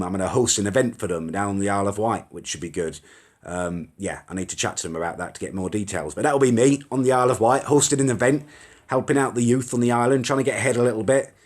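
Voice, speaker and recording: A young man hosting a casual live stream, rambling and reading out viewer comments with mild swearing. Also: lowish voice. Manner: chatty, rambling, mild swearing, reacts to comments as they scroll. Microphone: phone or webcam live stream.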